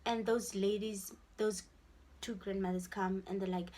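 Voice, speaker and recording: A young South African woman with a South African accent, telling a storytime vlog in an animated way and acting out the people in her story. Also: fairly high pitch, a little slow, a little hiss or hum. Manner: animated storytelling, switching into Sesotho-style phrases and acting out voices. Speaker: vlogger.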